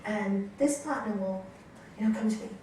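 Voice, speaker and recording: In a yoga course room full of students, a female teacher with a mid-range voice speaks at a normal speed, mixing animated stories with questions for the class. Her voice comes from a distance in an echoey space with faint noise.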